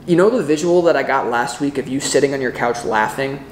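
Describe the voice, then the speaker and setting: Excitable man giving a rambling tarot reading. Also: medium pitch, a little fast, roomy sound, a little hiss or hum. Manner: rambling, excitable, self-interrupting. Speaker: tarot reader. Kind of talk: casual tarot reading to camera.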